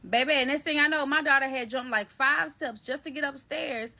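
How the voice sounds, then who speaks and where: A woman telling a personal story to her viewers in a casual, animated, slangy way, calling them y'all and baby. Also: high-pitched, fairly quick. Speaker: storyteller recounting a personal event.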